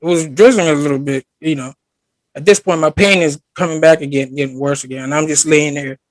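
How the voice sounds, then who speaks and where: Young male co-host, slightly high voice, dry close sound, animated storyteller. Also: a little fast, no echo. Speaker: podcast co-host. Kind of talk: casual chat.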